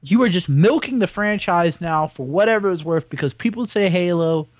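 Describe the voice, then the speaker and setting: A man co-hosting a casual podcast, talking in an animated, rambling and opinionated way. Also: high-pitched, moderate pace, no room sound, poor audio. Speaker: podcast co-host. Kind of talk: casual chat.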